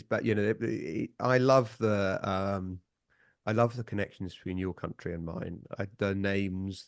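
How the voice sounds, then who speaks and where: A man guest on a podcast, telling stories in a lively way and chuckling often. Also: lowish voice, dry recording, clean studio sound. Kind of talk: casual storytelling chat.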